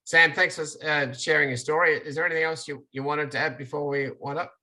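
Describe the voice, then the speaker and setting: A man's voice: a little high, steady tone, fast, bright, forceful tone. A man hosting an umpires' online meeting, hesitant with many fillers and encouraging. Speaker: umpires' coach running the meeting. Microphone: video call.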